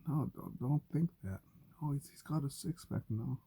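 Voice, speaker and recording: Gravelly dark-voiced man rambling profanely. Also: mid-range voice, moderate pace. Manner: profane, animated storytelling. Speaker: vlogger. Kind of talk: casual rambling monologue.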